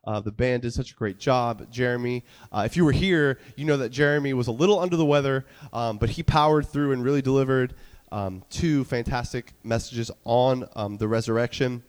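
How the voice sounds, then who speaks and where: A man from New York preaching a casual sermon as a church's student director, talking fast with many fillers while a bit stuffy from a cold. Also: medium pitch, a little mellow, clean tone, long reverb tail. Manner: quick-talking, chatty, many fillers and restarts. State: stuffy, getting over a cold. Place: church sanctuary.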